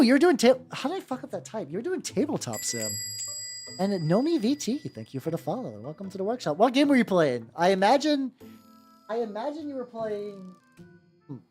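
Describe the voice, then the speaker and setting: A woman chats loosely on a livestream while she paints miniatures, her somewhat low voice leaping around in an animated, lively way. She rambles, swears freely and often restarts mid-sentence. Faint music plays softly under her talk. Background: faint background music.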